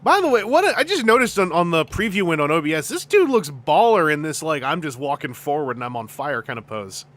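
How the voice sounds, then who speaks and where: A man streaming in a casual, rambling way, full of jokes and restarts. His voice sits a little high with a bright, forward tone. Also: sing-song, brisk, few pauses. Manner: rambling and jokey, with frequent restarts, laughter and silly put-on voices.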